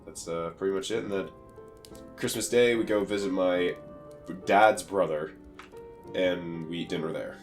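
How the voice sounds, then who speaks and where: A man's voice: sits low, fairly even intonation, measured pace, pauses often, soft background music. A young American man co-hosting a podcast, rambling through casual stories with lots of fillers and laughter. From United States. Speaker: podcast co-host.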